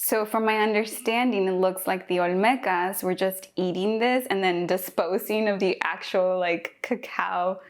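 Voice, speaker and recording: A young woman from Mexico, chatty and excited, thinking aloud while tasting a fruit for a food vlog. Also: medium pitch, normal speed, few pauses. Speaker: cooking vlogger. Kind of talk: casual first-impressions tasting vlog.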